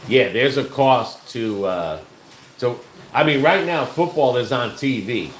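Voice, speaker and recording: A man co-hosting a casual home livestream, explaining things slowly with halting fillers while reading out viewer comments. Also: mid-range voice, animated, a little hiss or hum. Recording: echoey room.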